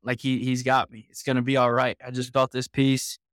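A man's voice: mid-range voice, monotone, a little fast, fairly bright tone, no echo, studio quality. A man in his twenties from Indiana, a podcast guest earnestly recounting his personal story with frequent restarts.

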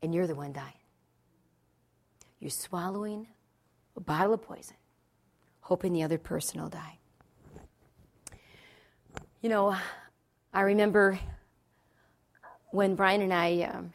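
A woman from the Philadelphia area preaching to wives in a conversational sermon, repeating key lines for emphasis and telling personal stories with asides. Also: on the low side. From New Jersey and Philadelphia, USA. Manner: emphatic and repetitive, storytelling with asides. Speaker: Christian speaker addressing wives.

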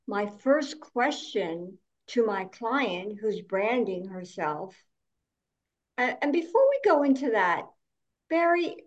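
Slow-talking woman podcast host, lo-fi. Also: on the high side. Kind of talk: casual podcast chat. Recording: dull lo-fi sound.

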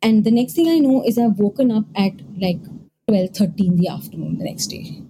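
A woman's voice: mid-range voice, fairly quick. A woman, casually telling a ghost story and acting out the voices, often checking in with "okay?". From India. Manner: animated, acts out quoted voices, frequent "okay?" check-ins. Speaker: storyteller host. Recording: noisy background ambience.

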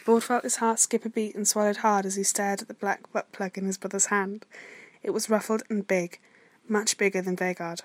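Woman reader, steady soft narration, mid pitch, reading aloud. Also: normal speed. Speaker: story reader. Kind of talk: read-aloud fan fiction narration.

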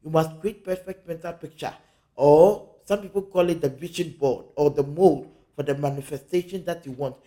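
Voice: medium pitch, normal speed, warm tone. A spiritual teacher from Africa giving an earnest teaching talk, repeating key phrases for emphasis.

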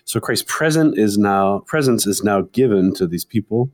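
A man's voice: fairly low pitch, expressive, moderate pace, darkish tone. A man co-hosting a podcast in casual discussion, explaining a text and reading passages from it aloud. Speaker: podcast co-host.

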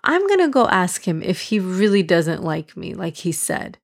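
A woman voicing an upset, earnest young boy in a storybook, lifting her voice higher and brighter. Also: big pitch swings, normal speed, creaky, exaggerated voice. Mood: aggrieved.

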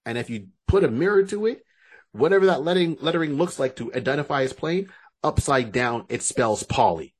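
This podcast co-host has a husky, mid-range voice and talks a little fast. In a casual, lively chat about a film, he performs bits of the movie's dialogue.

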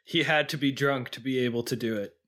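A man's voice: medium pitch, brisk, a bit bright. A man co-hosting a podcast in casual chat, thoughtful and a bit hesitant, with restarts. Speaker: podcast co-host.

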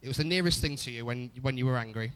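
A man's voice: medium pitch, fast talker, fairly bright tone, clear, resonant tone. A young adult man preaching a conversational sermon, often repeating phrases for emphasis. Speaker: pastor.

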